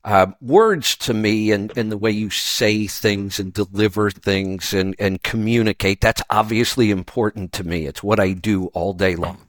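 A man hosting a radio show in casual chat, opinionated and talking quickly with many restarts. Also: on the low side, dry recording. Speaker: radio host.

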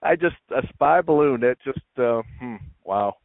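A man's voice: mid-range voice, lively intonation, creaky, no room sound. Giggly man on a dry phone line. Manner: laughs often, halting and repetitive. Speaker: radio co-host. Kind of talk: casual call-in radio chat.

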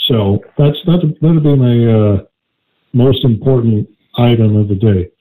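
A man co-hosting a call-in radio show, chatting casually and telling a rambling joke with many halting restarts. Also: mid-range voice, warm tone. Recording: tinny phone-like line.

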